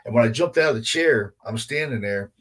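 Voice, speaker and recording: A man's voice: medium pitch, lively intonation, fairly quick, breathy edge. A man hosting a podcast in casual chat, emphatic and heavy on swearing and exclamations. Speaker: podcast host.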